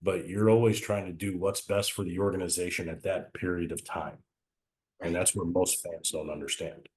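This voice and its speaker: A man's voice: low voice, fairly even intonation, moderate pace, darkish tone. A man, a baseball coach and former player, talking earnestly and reflectively about his career in a casual interview. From Italian-American family. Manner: reflective, earnest, speaks of faith.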